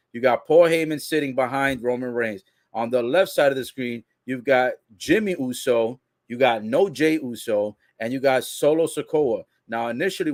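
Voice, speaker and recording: A man giving a casual, excitable wrestling recap in slangy talk, retelling what others said. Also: mid-range voice, no room sound, studio quality. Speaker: wrestling commentary vlogger. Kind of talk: casual live commentary recap.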